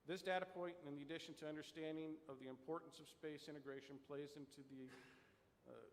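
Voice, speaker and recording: A man's voice: on the high side, steady tone, fairly quick, slight background noise. A man giving a prepared talk as a conference panel speaker, with a storytelling manner and wry asides. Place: conference hall. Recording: long hall reverb.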